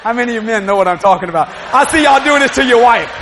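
An older man preaching a sermon, animated, shouting and laughing as he acts out scenes. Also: extremely high pitch, very fast, some chatter behind, a little hiss or hum.

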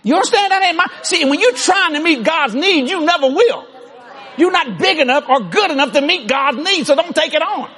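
A man preaching a sermon in an animated way, often shouting and laughing. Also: very high voice.

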